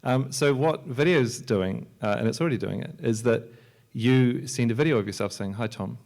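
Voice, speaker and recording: A man, a software entrepreneur and filmmaker, giving a loose, joking talk on a library panel, with many restarts and fillers. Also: mid-range voice, moderate pace, gravelly. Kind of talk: conference talk. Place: lecture hall at a library.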